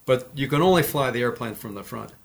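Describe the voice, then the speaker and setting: A man's voice: mid-range voice, fast, gravelly. A man, a former fighter pilot, telling stories in a casual interview and acting out the voices in them. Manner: animated, acts out quoted dialogue.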